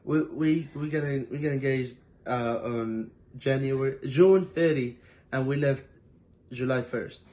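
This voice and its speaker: Young man, relaxed, adds short remarks, mid pitch. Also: measured pace. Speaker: co-host of a couple's channel. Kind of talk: casual chat.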